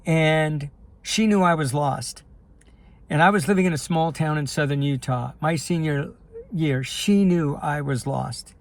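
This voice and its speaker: A man's voice: fairly high pitch, unhurried. A middle-aged man from the United States, a life coach and filmmaker, candidly and emotionally telling his life story in a personal video. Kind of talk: personal video talk to camera.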